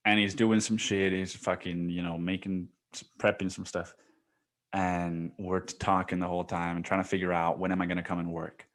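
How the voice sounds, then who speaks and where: A man telling stories on his own podcast in a loose, casual monologue. His voice sits fairly low. He swears constantly and laughs between lines. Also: flat delivery, normal speed, a bit bright. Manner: profane, laughing storyteller. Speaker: podcast host.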